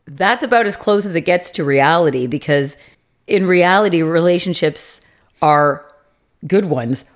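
A woman's voice: lowish voice, lively intonation, measured pace. A young adult woman co-hosting a podcast, chatting casually and wryly about reality dating shows. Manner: chatty, wry, mimics others in quotes. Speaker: podcast co-host. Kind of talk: casual chat.

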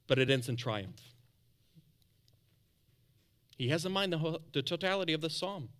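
A man preaching a sermon as pastor, animated, calling out to the congregation for responses, then dropping soft for encouragement. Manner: drops to a soft, low tone for quiet encouragement.

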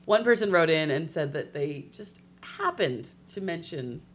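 A woman co-hosting a local podcast, chatting casually and telling jokes with animated delivery. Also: sits low, a little slow, slight background noise. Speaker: podcast co-host. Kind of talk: casual chat.

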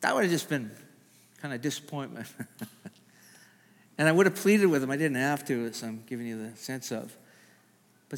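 A middle-aged man preaching a sermon, animated and stammering into restarts as he acts out the voices he quotes. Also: mid-range voice, normal speed, pauses often. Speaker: pastor. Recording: long hall reverb.

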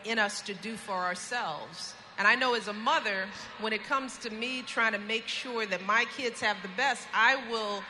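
A woman's voice: a little high, normal speed, few pauses, noisy background. A woman answering interview questions on stage in an earnest, emphatic way, heard in a clip played back. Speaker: interview guest.

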